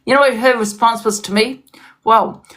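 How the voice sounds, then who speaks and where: A woman's voice: a little high, steady tone, brisk, a bit bright. A woman as an interview guest, talking in heated, emphatic casual chat and often repeating herself. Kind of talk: casual chat on a live stream.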